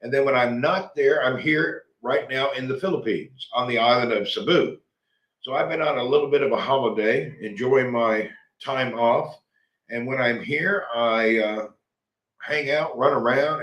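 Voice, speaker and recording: A middle-aged man from Tennessee, hosting a rambling, animated live chat and reading out viewer comments. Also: mid-range voice, moderate pace, reverberant, muffled recording. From Tennessee, USA. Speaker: livestream host.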